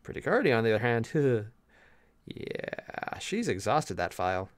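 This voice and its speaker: A young man streaming while he paints miniatures, chatting with viewers in an animated, jokey way. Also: mid-range voice, fast talker, no echo. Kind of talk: casual live-stream chat.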